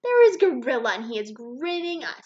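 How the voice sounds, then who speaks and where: A woman reading a picture book aloud to a child, animated and pointing things out with little gasps. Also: high voice, a little fast, highs cut off. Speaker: storybook reader.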